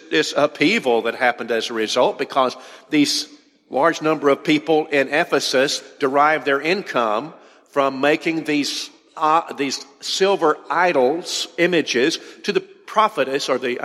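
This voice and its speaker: A man's voice: a little high, a little slow, a bit bright, big-room sound. A man preaching a teaching sermon, explaining in a conversational way and putting questions to his congregation. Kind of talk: sermon lecture.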